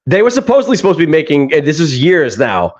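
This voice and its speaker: A man hosts a loose podcast chat. His voice sits high and bright, and he talks with an animated, profane energy. The recording is dull and lo-fi. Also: fast, crowd noise. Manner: animated, swears, retells scenes with laughing. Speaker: podcast host. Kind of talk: casual chat. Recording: dull lo-fi sound.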